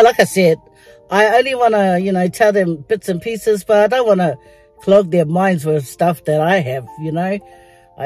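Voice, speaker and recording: A woman's voice: fairly low pitch, a little mellow, low-quality recording. An older woman chatting casually to her vlog while sitting in a car, laughing often and dropping words into her English. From Samoa. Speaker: vlogger.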